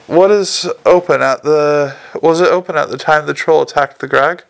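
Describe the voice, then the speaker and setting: A man playing an earnest young watch captain in an audiobook, always courteous but firm when pressed. The voice is slightly high with a gravelly grain. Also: steady tone, moderate pace. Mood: polite, firm.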